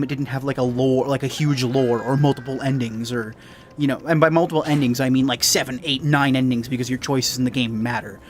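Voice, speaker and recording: A man's voice: mid-range voice, fairly even intonation, brisk, faint music behind. A young man with a Canadian accent, a gaming YouTuber rambling through casual chat and often correcting himself. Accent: Canadian English.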